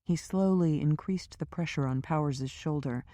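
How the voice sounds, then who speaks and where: A woman's voice: sits low, moderate pace, hardly any pauses, warm tone, dry recording. Woman narrating an audiobook, dry sound. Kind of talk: scripted narration.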